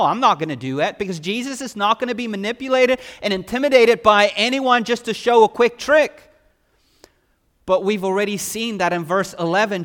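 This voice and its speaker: A man preaching a sermon, asking rhetorical questions and swinging from loud emphasis to hushed lines. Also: high voice. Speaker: pastor. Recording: long hall reverb.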